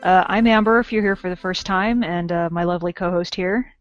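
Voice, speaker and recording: A woman's voice: fairly low pitch, fairly even intonation, brisk, no room sound, dull audio, soft background music. A woman hosting a casual podcast in an upbeat, chatty way. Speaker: podcast host.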